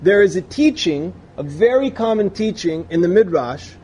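A man's voice: high-pitched, expressive, normal speed, darkish tone. A man teaching a conversational scripture lesson, rereading passages aloud and explaining them in an emphatic, chatty way. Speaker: Bible study teacher.

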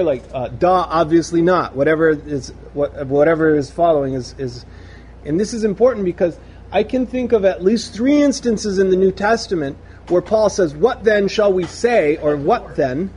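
A man with a high-pitched voice gives a relaxed scripture lesson, reading passages aloud and then unpacking them. He talks in a chatty, emphatic way, circling back to restate his point. Faint noise sits under the voice. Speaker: Bible study teacher.

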